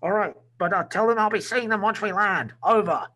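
A man voicing a male fighter pilot making a loud, high-pitched radio call. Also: brisk. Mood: eager.

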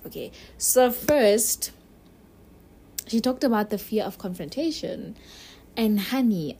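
A woman's voice: lowish voice, darkish tone. A young adult woman telling a personal story to her viewers in a chatty, candid way, talking straight to the listener. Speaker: vlogger. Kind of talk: casual storytelling to camera.

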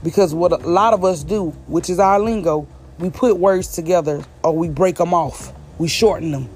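A woman from the American South, a vlogger giving an emphatic, exasperated commentary to camera, speaking slowly and deliberately so every word is clear. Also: lowish voice, darkish tone, slight background noise. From Southern United States. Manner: deliberately slow, clear delivery. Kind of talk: direct-to-camera commentary rant.

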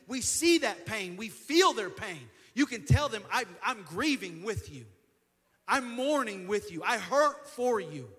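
A man's voice: very high-pitched, sharp tone. A male assistant pastor preaching a midweek sermon in an earnest way, often repeating and restarting his phrases. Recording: long hall reverb.

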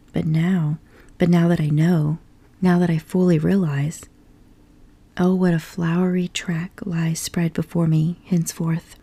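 A woman's voice: lowish voice, gravelly, dark tone, breathy edge, heavily acted. Woman whispering as dreamy, rapturous Toad, whispered role-play. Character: giddy, dreamy, boastful male toad, adult.

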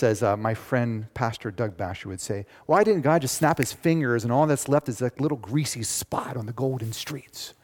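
Animated male pastor preaching. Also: medium pitch. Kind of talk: sermon. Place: church sanctuary. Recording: long reverb of a church.

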